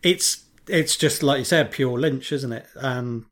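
Male co-host, mid pitch, easygoing and agreeable, short casual replies. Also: unhurried, a bit bright. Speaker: podcast co-host. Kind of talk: casual film chat.

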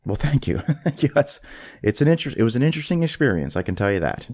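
A man hosting a podcast, telling a personal story in a casual, animated way and often restarting his phrases. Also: mid-range voice, fast talker. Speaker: podcast host.

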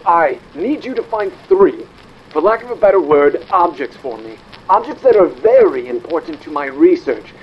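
Pompous old-record father, condescending, theatrical, lively pitch, dull lo-fi vinyl sound. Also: normal speed, a little hiss or hum. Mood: imperious. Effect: old vinyl record playback.

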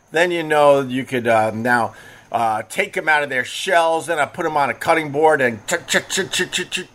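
A man's voice: medium pitch, fairly bright tone. A man hosting a casual livestream, rambling bluntly and cursing freely as he reads out comments from his chat. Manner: blunt, profane, rambling and repetitive. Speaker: livestream host reading chat.

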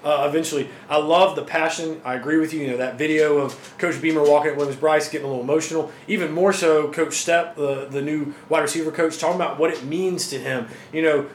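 Guy hosting a sports podcast, kinda high voice, chatty, roomy echo. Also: steady tone, quick pace, few pauses. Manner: talkative, agreeable, frequent fillers. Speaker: podcast host. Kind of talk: casual sports interview. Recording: echoey room with faint background noise.

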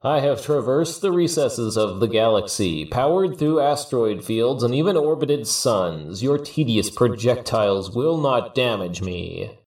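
Man playing a menacing giant metal creature, slow-spoken, distant and echoey. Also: lively intonation, a little mellow. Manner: slow booming commands. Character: colossal ancient male iron helmet creature, menacing and imperious. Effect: distant echoing reverb.

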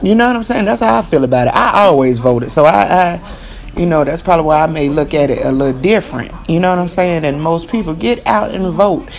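Podcast host, Texan woman, gravelly voice, emphatic casual monologue. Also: low-pitched, fast, a little mellow. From Texas. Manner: emphatic, repeats "you know what I'm saying".

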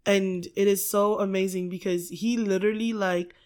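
A woman in her twenties telling stories in a casual chat, animated and laughing a lot, in a small apartment. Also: medium pitch, normal speed, over a noisy crowd.

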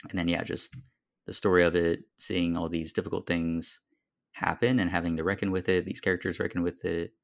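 A man's voice: low voice, little pitch movement, brisk, creaky. A man co-hosting a podcast, talking through a film in a thoughtful, hesitant way with frequent fillers. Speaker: podcast co-host. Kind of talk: casual film discussion.

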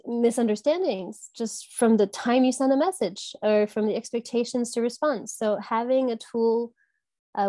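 Woman, interview guest, mellow tone, dry close sound, thoughtful, halting delivery. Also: medium pitch, no echo. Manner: thoughtful, halting with frequent um and restarts. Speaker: guest from an education app company. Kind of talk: conversational interview answers.

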